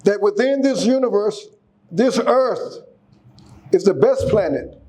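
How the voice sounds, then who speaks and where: High-voiced, mellow-toned man preaching. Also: lively intonation, slow pace. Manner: exhorting, repeats and restarts words, coaxes the audience to respond. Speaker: speaker giving a class. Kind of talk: casual sermon to a congregation.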